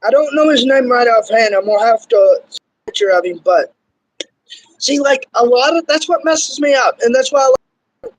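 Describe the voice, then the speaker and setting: Speaking with an extremely high pitch and lively intonation at a moderate pace, a young Southern-accented man from Kentucky hosts a casual interview. He rambles loosely, leaning on "like" and "y'all," in a low-quality recording.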